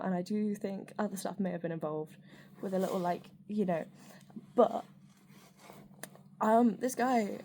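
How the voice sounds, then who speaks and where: A woman's voice: medium pitch, mellow. Woman, candid rambling vlogger, fillers and casual swearing, faint background hiss. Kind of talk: personal reflective monologue.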